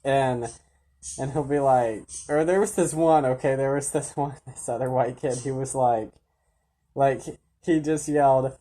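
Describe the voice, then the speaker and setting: A woman's voice: a bass voice, steady tone, normal speed, warm tone. A woman vlogger giving rambling casual commentary, full of fillers and chuckling asides.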